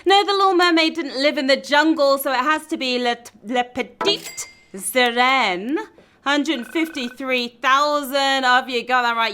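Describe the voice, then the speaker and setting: A woman's voice: high-pitched, sharp tone. A woman hosting a live trivia game show, reading questions and tossing out playful, teasing quips between answers. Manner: playful, quippy, teasing asides. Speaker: quiz show host.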